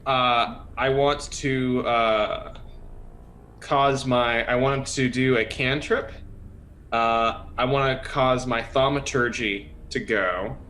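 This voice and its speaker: A man's voice: medium pitch, fairly even intonation, slow, bright, forceful tone, a little hiss or hum. A man playing a tabletop game, talking playfully and stumbling over his words. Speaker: player. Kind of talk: tabletop role-play.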